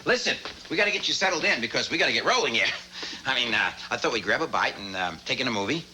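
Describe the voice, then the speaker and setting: A man's voice: medium pitch, expressive, fast talker, sharp tone, a little hiss or hum, low-quality recording. An actor playing a flustered grown son in a sitcom who stammers and trips over his words. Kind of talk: sitcom acting.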